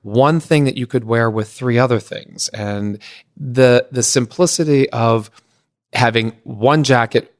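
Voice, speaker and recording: A middle-aged man from Pennsylvania, a guest on a podcast, telling a long anecdote in an animated way and acting out what others said. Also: mid-range voice, unhurried. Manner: animated, acts out others' lines in shifting voices. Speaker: podcast guest, event designer. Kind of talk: anecdotal storytelling in conversation.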